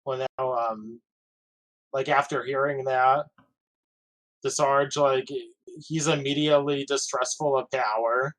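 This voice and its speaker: A man's voice: medium pitch, steady tone, slow pace, pauses often, fairly bright tone, low-quality recording. A man playing a tabletop game, speaking hesitantly with many fillers. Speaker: player. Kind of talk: tabletop game play, casual.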